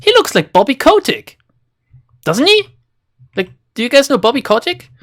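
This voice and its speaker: A woman streamer giving casual, playful commentary while playing a game, chatty and quick to swear at the characters. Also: sits high, sing-song. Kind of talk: casual let's-play commentary.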